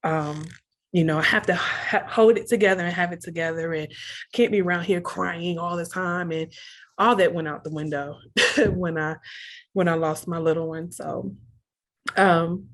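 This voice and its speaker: A woman's voice: lowish voice, fairly even intonation, moderate pace, a bit bright. A young woman telling her own story of pregnancy loss, candid and earnest, reenacting her own thoughts as she goes. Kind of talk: emotional personal storytelling.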